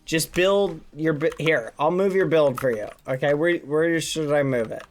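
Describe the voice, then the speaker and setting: A man's voice: fairly high pitch, moderate pace, soft background music. A man hosting a building game on stream, casually chatting and joking with the players and encouraging them. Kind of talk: casual livestream commentary.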